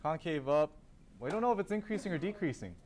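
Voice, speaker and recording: A man's voice: sits high, very animated, racing, darkish tone, husky. A man teaching a calculus class, asking students questions, then answering them himself and repeating key terms. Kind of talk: classroom lecture.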